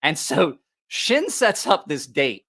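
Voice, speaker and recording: A man hosting a casual livestream chat, telling a profane story with lots of laughter and animated asides. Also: fairly high pitch, slow. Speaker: knife channel host.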